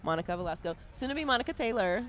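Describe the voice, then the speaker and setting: A woman hosting a podcast, chatting casually and easily with her guest, full of relaxed fillers. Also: a little high, very fast. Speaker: podcast host. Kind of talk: casual interview chat.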